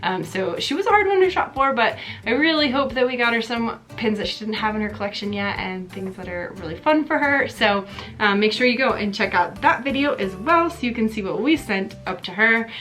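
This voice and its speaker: A woman vlogging as she opens gifts, gushing and excited, near tears, with a chatty manner full of fillers. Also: fairly high pitch, fairly quick, faint music behind. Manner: gushing, excited, breathy gasps, many fillers. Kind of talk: casual vlog chat.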